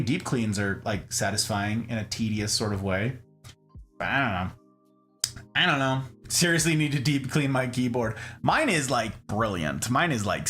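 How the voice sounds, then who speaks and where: Lively, playful man streaming from home. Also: mid-range voice. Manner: playful, jokey, greets chat by name. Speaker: livestream host. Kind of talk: casual livestream chat while doing chores. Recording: echoey room with music underneath.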